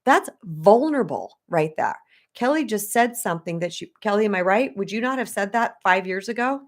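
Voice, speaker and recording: A middle-aged woman coach talking live to her viewers and reading their chat, emotional and animated, speaking straight to the audience. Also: mid-range voice, normal speed. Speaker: spiritual empowerment coach.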